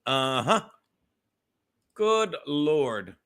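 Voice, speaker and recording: A man's voice: on the high side, very animated, very slow, a bit bright, clean tone. A male host chatting casually on a livestream, rambling and talking straight to his viewers in the chat. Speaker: podcast host reading live chat.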